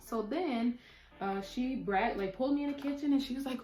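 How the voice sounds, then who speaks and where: A woman in her twenties chatting casually while doing her makeup, talkative and animated, often saying "mind you". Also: sits high, fairly quick. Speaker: beauty vlogger.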